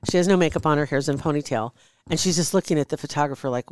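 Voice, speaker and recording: A woman's voice: deep voice, very fast, a little mellow. A woman co-hosting a podcast, chatting casually and laughing as she tells stories. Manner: gossipy, laughs while telling stories. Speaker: podcast co-host. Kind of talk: casual chat.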